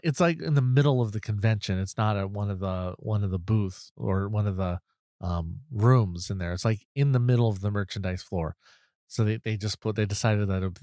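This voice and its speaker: A man's voice: fairly low pitch, dry recording, studio quality. A middle-aged man hosting a podcast, telling a self-deprecating story in a rambling, casual way, restarting his sentences often. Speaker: podcast host. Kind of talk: casual anecdote.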